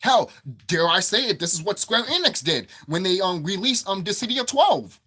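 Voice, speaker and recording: A man ranting hotly about games, his voice husky and a little rough. His pitch swings widely as he goes off, jumping up in outrage and dropping low in disgust. The delivery is profane and repetitive, like a solo rant to camera. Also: lively intonation, normal speed, sharp tone. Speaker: gaming commentator. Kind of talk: angry gaming rant.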